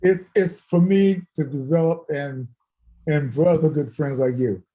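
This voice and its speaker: His voice sits on the high side and moves a little slowly, captured on a rough recording. He's a guest musician in a casual chat, an animated storyteller who keeps laughing and imitates whoever he quotes.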